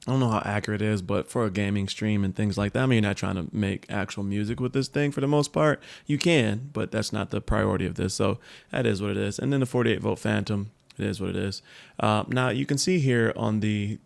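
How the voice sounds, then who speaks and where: A man reviewing a tech product in a casual demo, relaxed and full of ums and asides. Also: fairly low pitch, brisk, creaky.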